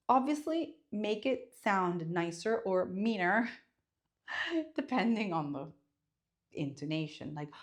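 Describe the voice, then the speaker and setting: A woman from Italy with an Italian accent, teaching an online language lesson in an expressive, emphatic way. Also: mid-range voice, measured pace, gravelly. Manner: expressive, emphatic, demonstrates intonation.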